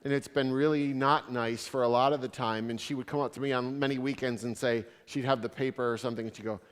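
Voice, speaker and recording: A man's voice: medium pitch, steady tone, fast talker, clean tone. A man speaking as a visiting theologian, answering audience questions with stories and wry asides. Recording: reverberant hall sound.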